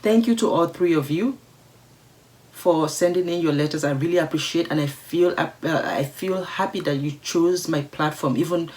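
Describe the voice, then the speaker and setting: A woman with a low-pitched voice talks straight to camera, reading letters from viewers and reacting to them. She is outspoken and emphatic, and she repeats her points to press them home. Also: normal speed, darkish tone. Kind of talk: casual vlog commentary.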